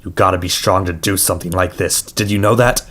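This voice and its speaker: A man voicing a menacing adult male abductor who talks in a calm, coaxing, cold way. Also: low voice, fairly quick.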